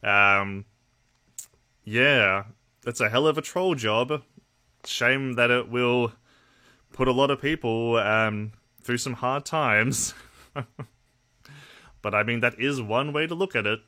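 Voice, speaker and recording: An Australian man hosting a livestream, talking casually and bluntly to his chat. His voice is bright and forward, with a middling pitch and plenty of swearing. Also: slow pace, long pauses. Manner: blunt, profane, talks to chat. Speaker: livestream host.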